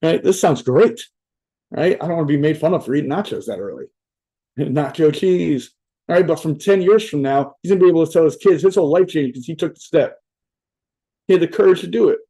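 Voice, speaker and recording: A young adult man gives a virtual motivational talk in a loose, rambling way, swearing now and then and checking in with "right?" after nearly every point. His voice sits a little high. Its tone is soft and mellow, never sharp. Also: expressive, a little fast. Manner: rambling, profane, filler-heavy with many "right?" asides. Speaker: motivational speaker. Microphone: virtual event talk mic.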